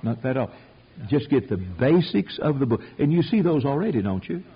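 A man's voice: mid-range voice, big pitch swings, brisk, husky, muffled recording. A man teaching a Bible study sermon in a folksy, emphatic way, acting out quotes, heard on an old tape recording. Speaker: preacher teaching a Bible class.

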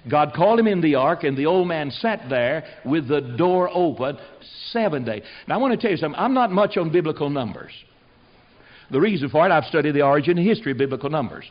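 A folksy older preacher spins stories in an emphatic, repetitive way. His voice sits somewhat high for a man, and the lo-fi recording sounds dull. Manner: folksy, emphatic, repeats phrases for effect. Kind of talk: storytelling guest on a talk show.

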